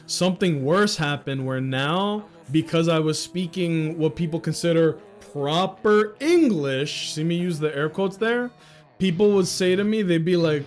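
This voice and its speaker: A man's voice: high voice, animated, measured pace, soft background music. Candid thirty-something man chatting on stream. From New York. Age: 30s. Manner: candid, rambling, swears casually. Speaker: livestream host. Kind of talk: casual livestream chat.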